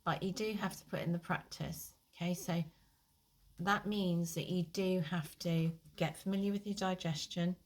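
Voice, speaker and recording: A woman's voice: fairly low pitch, steady tone, normal speed. A woman, an IBS therapist, talking straight to her listener with frank encouragement and the odd light swear. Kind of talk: casual direct-to-camera advice.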